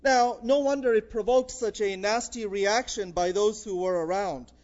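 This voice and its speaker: A man's voice: sits high, moderate pace, a little mellow, muffled recording. A man preaching a sermon in a conversational way, with frequent "uh" fillers. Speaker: pastor.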